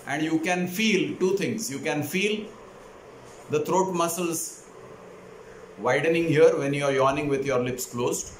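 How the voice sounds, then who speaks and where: A man teaching a breathing technique, explaining each step calmly before demonstrating it. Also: on the high side. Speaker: breathing instructor. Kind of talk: instructional demonstration. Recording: echoey room, faint noise.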